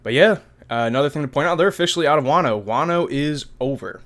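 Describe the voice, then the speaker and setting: A man's voice: on the high side, lively intonation, quick pace, fairly bright tone. A young man in his twenties, casually talking through a manga chapter review in a loose, slangy, chatty way with casual swearing. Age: 20s. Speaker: anime review vlogger.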